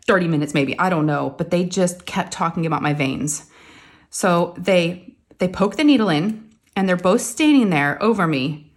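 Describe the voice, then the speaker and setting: Chatty woman telling a story. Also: mid-range voice. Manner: animated, acts out quotes, addresses viewers as "y'all". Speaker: crafting vlogger. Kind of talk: casual storytelling chat.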